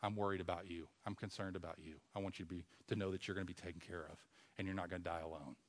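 A male preacher voicing a tender dying man who speaks softly and gently to his mother and his friend. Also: low-pitched, fairly even intonation, rapid-fire, voice pushed down. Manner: soft, hushed, gentle.

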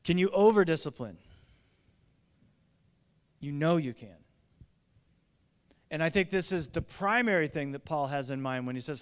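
A middle-aged man, a pastor, preaching a sermon in an earnest, urgent way with lively asides. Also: on the high side, a little slow, pauses often. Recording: long reverb of a large hall.

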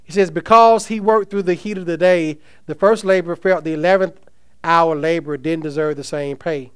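A man's voice: fairly high pitch, steady tone, normal speed, a bit bright, clean tone. A man preaching a sermon, reading scripture aloud and asking the congregation questions with emphasis. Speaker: pastor.

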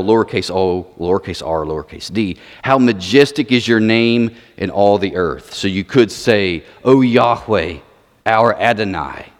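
A man preaching a sermon, explaining scripture and putting questions to the audience. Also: low-pitched. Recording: long hall reverb.

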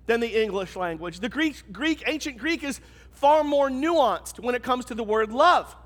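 A man's voice: extremely high pitch, animated, normal speed, a bit bright. A man pastor preaching a sermon in a church, in a conversational, emphatic way. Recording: long reverb of a large hall.

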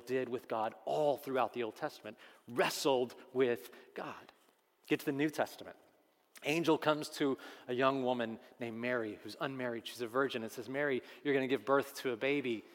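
A middle-aged male pastor with a fairly high voice preaches in an animated, chatty way. He keeps tossing questions out to the congregation. His voice rings with the long reverb of a church sanctuary. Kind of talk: sermon.

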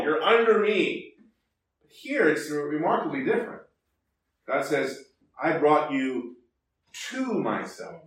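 Man preaching in a booming echoey hall. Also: recorded from a distance. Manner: conversational, many restarts and fillers, rising emphasis on quotes. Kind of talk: expository Bible teaching.

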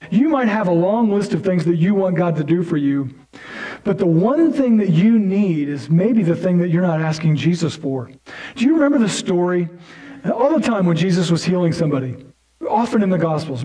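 Dark-toned male preacher, conversational. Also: fairly high pitch, low-quality recording. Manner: conversational preaching with asides and restarts. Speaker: pastor. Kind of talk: sermon.

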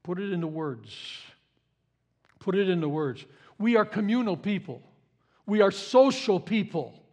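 A man preaching a sermon as pastor in a conversational way. He repeats key phrases for emphasis and swings between loud emphatic bursts and soft low asides. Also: expressive, unhurried.

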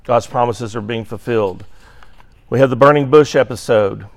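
A man's voice: medium pitch, normal speed. A man teaching an adult Sunday school class, reading scripture aloud with emphasis and checking in with "right?". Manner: reads scripture aloud with emphasis, frequent "right?" tag questions; occasionally clears throat. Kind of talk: Bible class lecture.

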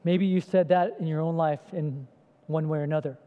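Recorded in an echoey hall with dull lo-fi sound, a male pastor delivers a conversational sermon. His voice is on the high side with fairly even intonation and a moderate pace, and he frequently asks the congregation questions.

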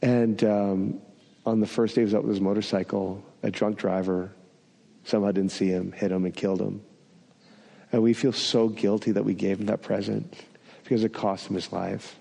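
Gravelly-voiced male preacher in a hall. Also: fairly low pitch, flat delivery, normal speed, dark tone. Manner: storytelling, self-deprecating humor. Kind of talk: sermon with personal story.

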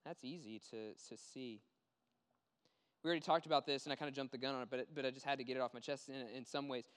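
A man's voice: medium pitch, steady tone, fast talker, a bit bright, clean tone, long reverb tail. A man preaching a conversational sermon, acting out quoted voices as he goes. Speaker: pastor.

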